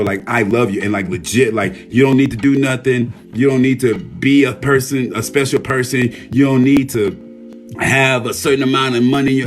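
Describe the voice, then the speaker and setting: A hoarse man hosting a casual livestream, reading out viewer names and speaking earnestly, with frequent swearing. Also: on the low side. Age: adult, a military veteran. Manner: warm shout-outs reading viewer names. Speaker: livestream host.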